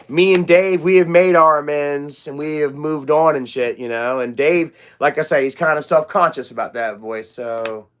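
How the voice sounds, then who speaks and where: A man's voice: mid-range voice, a bit bright. A young man hosting a casual livestream chat, rambling, loose and profane, with lots of fillers. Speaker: livestream host.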